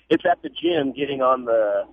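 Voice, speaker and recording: A man in his forties calls in to a radio show and talks in a lively, halting way, his pitch bouncing all over. He comes through a tinny phone line with a faint hiss behind him. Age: 40s. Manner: lively, halting, many fillers. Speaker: caller. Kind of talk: call-in radio chat.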